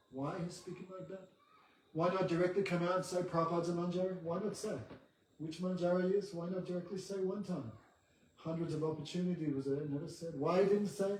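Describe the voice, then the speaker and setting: A man's voice: a little high, darkish tone, far from the mic, slight background noise. A man giving a devotional class, asking rhetorical questions and often checking in with "no?". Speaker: spiritual teacher. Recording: echoey room, voice from afar, faint music.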